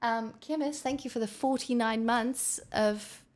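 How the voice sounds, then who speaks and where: A woman's voice: a little high, unhurried. Bubbly rambling woman streamer. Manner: bubbly, rambling, self-mocking. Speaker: livestreamer. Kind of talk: casual livestream chat. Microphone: headset.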